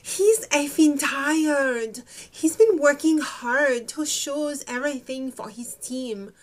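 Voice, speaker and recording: A man's voice: extremely high pitch, slow pace, voice pushed up. A woman mocking a fussy male fashion designer, putting on a fake Spanish accent. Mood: indignant. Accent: put-on Spanish.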